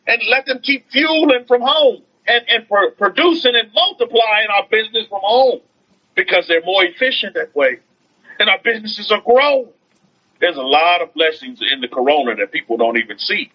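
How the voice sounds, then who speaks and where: A high-pitched man preaches as a rabbi in an informal online teaching, repeating his phrases and asking rhetorical questions. He reads out comments from viewers as he goes. The sound is dull and lo-fi, like a livestream. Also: animated, brisk. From United States. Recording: dull lo-fi stream audio.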